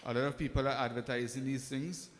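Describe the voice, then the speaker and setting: This pandit talks quickly in a mid-range voice with fairly even intonation, speaking informally to a temple congregation. He's friendly, hesitant and peppered with ums, and the temple hall echoes around him.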